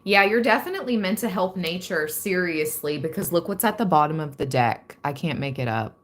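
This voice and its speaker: Calm low-voiced woman tarot reader. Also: brisk, a little hiss or hum. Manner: calm and reflective, reading card meanings aloud. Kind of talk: casual tarot reading for viewers.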